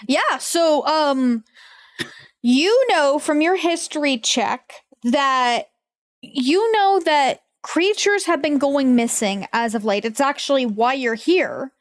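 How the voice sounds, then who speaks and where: A woman narrating a tabletop game as game master, talking in halting bursts full of fillers. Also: sits high, animated.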